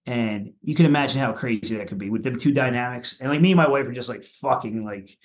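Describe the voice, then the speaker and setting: A man from Philadelphia talks as a podcast guest in casual chat. He rambles loosely, swears freely and leans on filler words. His voice sits at an average pitch for a man. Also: quick pace. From Philadelphia, USA. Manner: rambling, profane, many "like" fillers. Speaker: podcast guest, punk musician.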